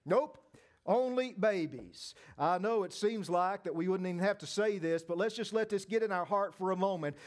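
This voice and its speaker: A man's voice: sits high, brisk, hardly any pauses. A man preaching a sermon, emphatic and repeating his phrases as he speaks straight to the congregation. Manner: addresses the congregation directly. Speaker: pastor.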